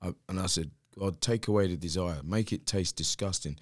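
A man who is a pastor, telling his conversion story in casual chat, relaxed and chuckling at his own past. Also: deep voice, brisk, no room sound, clean studio sound.

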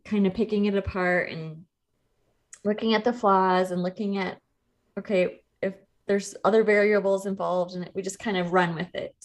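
With a steady tone at normal speed, a mid-range female voice belongs to a nutrition coach in her thirties co-hosting a podcast. She explains things chattily and easily, laughing often in the casual conversation.

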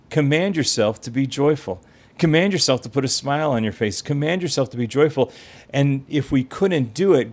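A man delivers a podcast sermon in an earnest, encouraging way. His voice sits at an ordinary middle pitch. He drives points home by repeating short phrases. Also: darkish tone. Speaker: pastor and podcast host.

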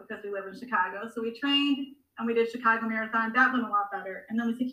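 A woman in her forties, a guest on a podcast, telling her story in a chatty, animated way with frequent laughs. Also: a little high, fast talker, distant mic. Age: 40s. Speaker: guest, amateur marathon runner. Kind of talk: conversational podcast interview. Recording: echoey room, voice a bit off-mic.

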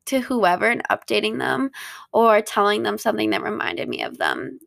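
A woman's voice: medium pitch, huge pitch swings, moderate pace, vocal fry, a bit bright, no room sound, studio quality. A young woman talking to camera about her own grief, choked up and chatty, with many fillers. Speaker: vlogger. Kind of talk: personal talk to camera.

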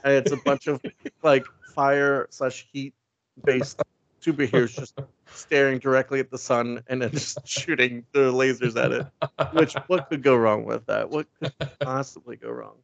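A man talks through a comic storyline in loose, laughing chat, dropping into the characters' voices as he goes. His voice has a gravelly edge, and the recording sounds dull and dry. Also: mid-range voice, steady tone, a little slow, dry recording. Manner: rambling, laughing, acts out characters' lines. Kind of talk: casual comic book chat.

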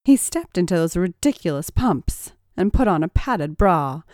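A woman narrates scripted fiction in a lowish voice with a lot of movement in her pitch. She reads expressively and takes on each character herself. The recording is dry, with no room sound. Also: sing-song, moderate pace, darkish tone, no echo.

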